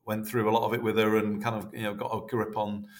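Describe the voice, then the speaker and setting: Man, fifties, fairly low voice, chatty, rambling, restarts a lot. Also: flat delivery, fast talker. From North West England. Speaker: podcast guest. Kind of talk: casual interview reminiscing.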